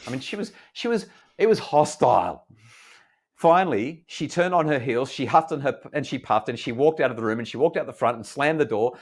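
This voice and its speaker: A middle-aged Australian man, a parenting expert, calmly and earnestly telling a family story in an interview. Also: medium pitch. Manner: calm, earnest, measured retelling.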